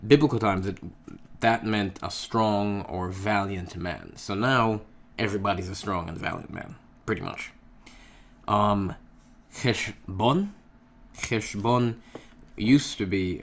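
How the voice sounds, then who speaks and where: A man teaching a casual lesson, patient and unhurried, who keeps checking in with "okay?" while he writes out examples. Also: deep voice, a bit bright. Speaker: Hebrew language teacher.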